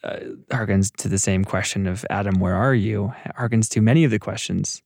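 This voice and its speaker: A man with a fairly low voice reflects on faith in an unhurried conversation. He thinks aloud and sometimes stops to search for the right words. The recording is dry and close. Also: vocal fry, a little mellow, no echo. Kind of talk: casual faith discussion.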